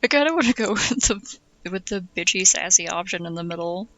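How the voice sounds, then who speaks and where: A man's voice: high voice, lively intonation, a little fast, sharp tone. A man streaming a game, reading its dialogue aloud and chatting with laughs. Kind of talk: casual let's-play commentary.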